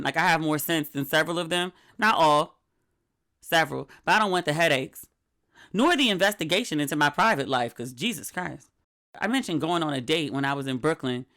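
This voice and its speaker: A middle-aged woman hosting her own podcast in casual solo chat, candid and chatty, acting out her friends' lines in lively voices. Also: low-pitched. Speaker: podcast host.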